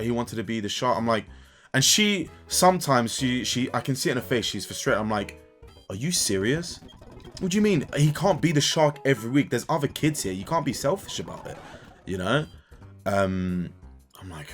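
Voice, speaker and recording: A young man in casual gaming commentary, an animated storyteller who swears and keeps tagging "right?" as he vents about coaching. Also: mid-range voice. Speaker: gaming YouTuber and kids' sports coach. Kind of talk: casual ranting commentary over gameplay.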